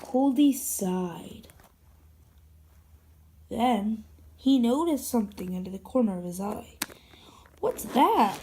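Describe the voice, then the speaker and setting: A woman narrating a fan-made toy train story with plain, steady telling. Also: medium pitch, slow, pauses often, a little hiss or hum.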